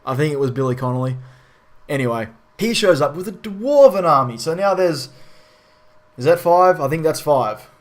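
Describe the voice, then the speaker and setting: A man's voice: on the high side, expressive, normal speed. A man giving a casual spoken film review in a frustrated, ranting way with frequent swearing.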